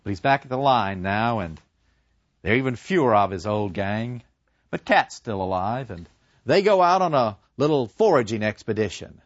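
A male lecturer retelling a story in an animated way, acting out the people in it. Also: fairly low pitch, normal speed, no echo. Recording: dull lo-fi dry recording.

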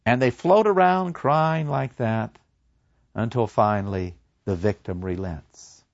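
A man's voice: mid-range voice, slow pace, vocal fry, dry recording, lo-fi sound, voice pushed down. A man voicing a serene old male philosopher awaiting execution, preaching earnestly and acting out other voices. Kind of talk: dramatic storytelling.

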